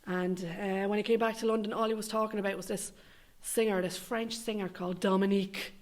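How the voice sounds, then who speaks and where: Brisk and fairly even in intonation, this young Irish woman's mid-range voice carries a scripted comic monologue. She swears, rambles and keeps a sardonic edge throughout.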